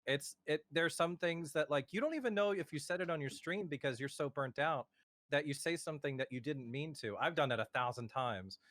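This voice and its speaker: A man's voice: a little high, a little fast, fairly bright tone, dry recording, clean studio sound. Rambling young man hosting a podcast. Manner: rambling, many fillers and restarts. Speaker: podcast host. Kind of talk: casual chat. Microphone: home mic over a voice call.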